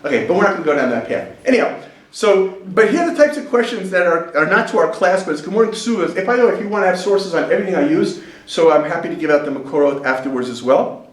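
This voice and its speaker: A man's voice: sits high, lively intonation, fast talker. A middle-aged man teaching a class in a chatty, joking way, acting out quotes in funny voices. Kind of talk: casual lecture to a class. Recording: echoey room, voice from far off.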